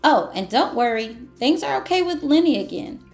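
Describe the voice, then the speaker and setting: A woman reading aloud as a once-grumpy grape who has learned to forgive, in a gentle, reflective storybook manner. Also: sits high, big pitch swings, normal speed, echoey room, soft background music. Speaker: children's book reader. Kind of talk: picture book read-aloud.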